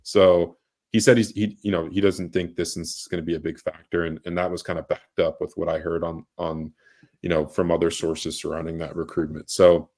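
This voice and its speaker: Young male co-host, low-pitched, casual and halting with lots of restarts. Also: level tone, darkish tone. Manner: halting, many restarts and fillers. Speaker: recruiting reporter, podcast co-host. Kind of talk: casual podcast chat.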